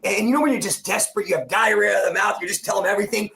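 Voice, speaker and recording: His voice is high, a bit bright, and fried, and he speaks in rapid-fire bursts. He's a coach in his forties from New Jersey, recounting an emotional personal story on a podcast with intensity and repetition while acting out quoted lines.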